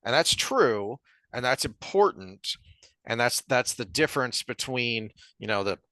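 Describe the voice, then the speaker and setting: A man's voice: medium pitch, lively intonation, bright, forceful tone, no echo. A man co-hosting a podcast, casually discussing a book and reading passages aloud with lots of restarts. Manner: halting, reads passages aloud, many restarts. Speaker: podcast co-host.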